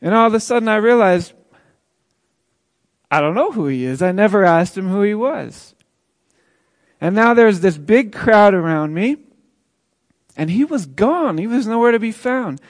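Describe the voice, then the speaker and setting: A man's voice: high voice, lively intonation, a little slow, pauses often, no echo, studio quality. An actor playing a formerly paralyzed man who tells his own healing in an earnest first-person dramatic monologue. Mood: reflective. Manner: earnest, storytelling, with chuckles.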